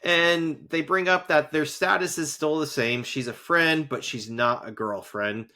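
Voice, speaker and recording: A man's voice: a little high, unhurried, bright, forceful tone. A man co-hosting a casual podcast, talking in rambling runs with many fillers and restarts. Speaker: podcast co-host; teacher who grades essays. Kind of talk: casual rewatch podcast chat.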